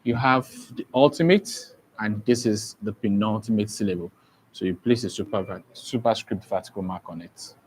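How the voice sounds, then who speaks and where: Slow and methodical, a man teaching an English exam-prep class spells words out letter by letter and frequently asks whether everyone understands. His fairly low voice is a little mellow, and the rough recording carries a slight hiss or hum.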